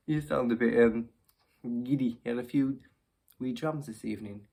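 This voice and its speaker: A woman, performing as a ventriloquist who gently teases her puppet and often stumbles over her words. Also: a bass voice, normal speed, vocal fry. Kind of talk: ventriloquist comedy act, talking to a puppet.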